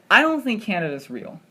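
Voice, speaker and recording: A woman's voice: medium pitch, sing-song, unhurried, pushed and bright, breathy edge. A woman hosting a student podcast, chatting casually and joking in a rambling, provoking way. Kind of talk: casual chat.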